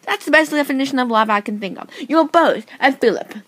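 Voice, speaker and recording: A woman's voice: high voice, lively intonation, brisk, a bit bright, no room sound. A woman playing a tactless best man in a comedy sketch, stammering and repeating herself as she talks. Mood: blunt. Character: smug, unkind best man at a wedding.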